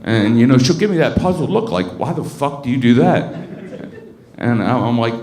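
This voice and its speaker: A man's voice: mid-range voice, lively intonation, moderate pace, dark tone, reverberant, slight background noise. A man in his thirties from Baltimore doing a crude, rambling stand-up set, full of fillers and restarts. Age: 30s. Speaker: stand-up comic. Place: comedy club stage.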